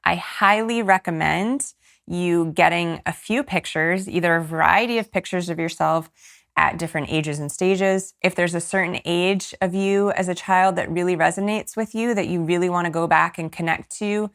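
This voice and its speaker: Woman host, thirties, lowish gravelly voice, earnest and encouraging. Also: fairly even intonation, moderate pace, fairly bright tone. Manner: earnest, encouraging, gets teary. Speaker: podcast host and coach. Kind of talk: casual solo podcast talk.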